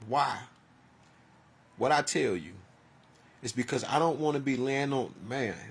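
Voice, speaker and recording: A man's voice: medium pitch, creaky, fairly bright tone, slightly rough. A man in his forties talking in a rambling, profane, heartfelt personal monologue. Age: 40s.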